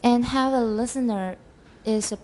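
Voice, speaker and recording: A woman student reads a textbook passage aloud in a classroom, her voice mellow and fairly high. She goes carefully and sometimes stops to fix a word. Faint room noise sits behind her. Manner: careful, halting reading with self-corrections.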